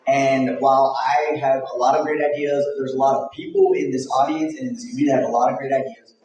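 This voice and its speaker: A convention organizer speaking at a panel, candid and jokey, with a rambling, casual delivery. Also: male voice, medium pitch, animated, fast talker, darkish tone, distant mic, slight background noise. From Mexico. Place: event hall. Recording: very echoey hall, from afar.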